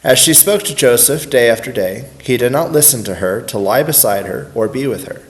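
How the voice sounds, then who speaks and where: A man reads scripture aloud at an even, unhurried pace. His voice sits at a middling pitch for a man. He delivers the passage as a plain scripted reading. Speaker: scripture reader.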